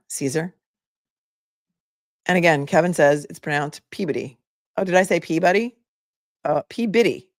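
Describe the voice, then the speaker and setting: A woman's voice: low voice, dry recording, clean studio sound. A woman in her forties hosting a casual livestream, chatting and reading viewer comments aloud. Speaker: legal commentary livestream host.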